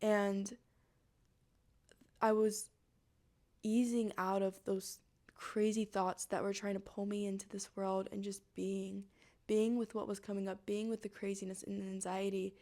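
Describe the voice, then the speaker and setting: A woman's voice: mid-range voice, flat delivery, unhurried, mellow. A young woman, a podcast host, telling a personal story and acting out her own inner voice with animation.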